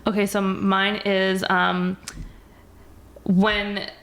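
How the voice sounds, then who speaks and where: A woman's voice: mid-range voice, extremely slow. Chatty woman co-host. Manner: relaxed, chatty, with fillers. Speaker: podcast co-host. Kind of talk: casual chat.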